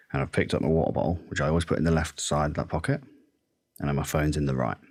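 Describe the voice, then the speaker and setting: Male podcast host, very deep husky voice, calm, attentive interviewer. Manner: calm, attentive, with frequent murmured acknowledgements. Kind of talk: interview conversation.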